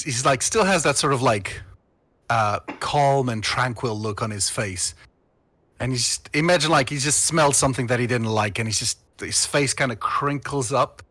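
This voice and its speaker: A man's voice: medium pitch, bright, forceful tone, no room sound. A man narrating as game master of a tabletop game, rambling with many fillers.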